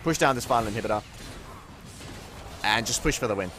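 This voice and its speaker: A young man giving casual commentary over his own gameplay, laid-back and swearing freely with sudden excited outbursts. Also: on the low side, brisk, over music.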